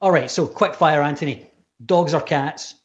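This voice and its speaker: A man with a Scottish accent hosting a casual livestream interview, teasing and joking as he fires off quick questions. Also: on the high side, muffled recording. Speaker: podcast host. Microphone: video call.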